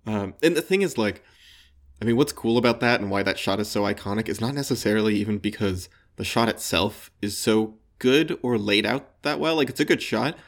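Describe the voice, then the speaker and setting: Excitable New England man, lowish voice. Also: a little fast. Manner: enthusiastic, laughs often, repeats words. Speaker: podcast co-host. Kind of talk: casual comic book discussion.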